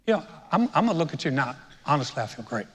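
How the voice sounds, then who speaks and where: A hoarse man preaching a conversational sermon as pastor, joking and talking straight to his congregation in a church. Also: on the high side, sing-song, very fast, fairly bright tone. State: hoarse, sounds sick. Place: church sanctuary. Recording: long hall reverb.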